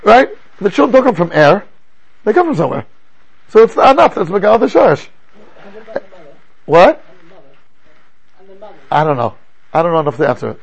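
An older man teaching a class as a rabbi, lecturing in an animated way and asking rhetorical questions. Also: a little high, lo-fi sound.

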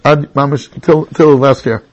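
A middle-aged man teaching a Torah class, telling personal stories with sudden high exclamations. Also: fairly even intonation, a little slow, dull audio.

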